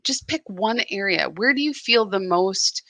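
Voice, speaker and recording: A woman's voice: medium pitch, lively intonation, a little slow, bright, forceful tone, dry recording. A woman spiritual guide giving a live meditation talk, telling a candid story that turns reflective.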